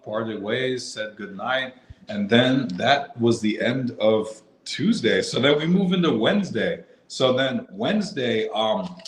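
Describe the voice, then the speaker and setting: A man's voice: medium pitch, reverberant, poor audio. A man from Boston, a podcast guest, telling stories in a chatty, casual way, filling his sentences with "like" and laughing often. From Boston, USA. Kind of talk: casual storytelling.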